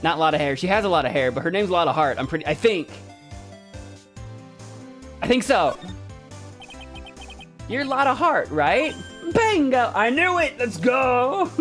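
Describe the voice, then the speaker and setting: A woman's voice: medium pitch, very animated, normal speed, pauses often, soft background music. A woman giving casual, self-mocking commentary while playing a game, chatty and laughing often. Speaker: let's play streamer.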